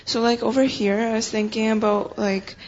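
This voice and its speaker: A woman's voice: a little high, steady tone, normal speed, darkish tone, muffled recording, a little hiss or hum. A young woman student sharing a thought in class, hesitant and full of "like.". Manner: hesitant, many "like" fillers.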